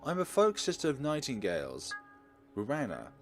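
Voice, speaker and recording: A man voicing a lost, gentle female songbird folk musician, speaking in a halting, apologetic way. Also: medium pitch, wildly swooping pitch, soft background music, voice pushed up. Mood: wistful.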